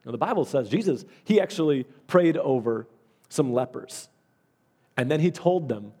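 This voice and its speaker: A man's voice: mid-range voice, animated, moderate pace, warm tone, husky. A male pastor preaching in a conversational storytelling way, acting out the voices of people in his stories. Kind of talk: storytelling sermon. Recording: long reverb of a large hall.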